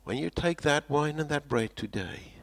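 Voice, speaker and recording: Preaching at a normal speed with lively intonation and some vocal fry, this South African man alternates forceful, loud passages with soft, low ones. He repeats phrases for emphasis.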